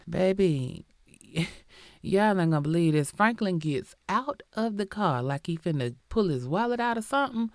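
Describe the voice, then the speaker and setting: A woman hosting a podcast, telling a true crime story in a lively, profane, slangy style with asides to her listeners. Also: mid-range voice, clear, resonant tone, no echo, clean studio sound. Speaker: podcast host.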